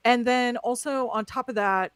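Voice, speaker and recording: A woman's voice: a little high, normal speed, a bit bright, clear, resonant tone, no room sound. A woman from Wisconsin with a faint Wisconsin accent, co-hosting a chatty conversation about a series. She giggles often, and her voice sounds dry and close with no room behind it. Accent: light Wisconsin. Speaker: podcast co-host. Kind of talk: casual chat about a TV show.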